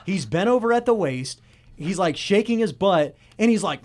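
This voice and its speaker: Animated young man hosting a podcast. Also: high voice, brisk. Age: early 20s. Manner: animated, laughing storyteller. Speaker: podcast host. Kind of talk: casual podcast chat.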